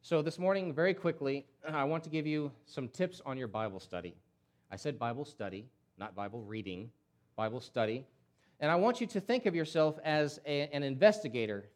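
A man preaching a sermon, emphatic and repetitive, with rhetorical questions and swings between loud surges and near-hushed lines. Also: normal speed. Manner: impassioned, surges loud and high, then drops to near-hush. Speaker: pastor.

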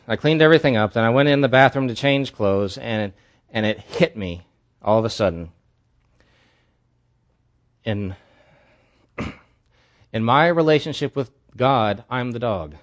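A man's voice: mid-range voice, slow pace, long pauses. A man preaching as a pastor at a church service, telling a candid personal story in an earnest way. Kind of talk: sermon.

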